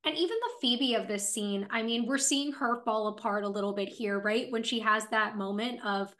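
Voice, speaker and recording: A woman's voice: fairly high pitch, normal speed, a bit bright. A woman co-hosting a podcast, casually discussing a TV episode and building on her co-host's points. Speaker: podcast co-host.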